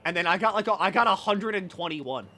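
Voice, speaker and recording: Bright rambling young streamer guy. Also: high voice, expressive, fast talker. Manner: rambling, joking, many filler words. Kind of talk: casual stream chat.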